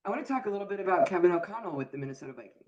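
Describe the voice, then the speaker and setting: A woman's voice: fairly low pitch, lively intonation, racing, darkish tone, highs cut off. A middle-aged woman co-hosting a casual live podcast, telling stories in a wry, easygoing way. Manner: storytelling, wry, laughs easily. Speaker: podcast co-host. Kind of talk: casual live-stream chat.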